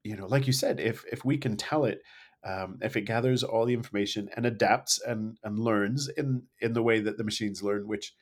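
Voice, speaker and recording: A man co-hosting a podcast, talking in casual chat, animated and hesitant, often restarting his sentences. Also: fairly low pitch, normal speed. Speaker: podcast co-host. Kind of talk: casual conversation.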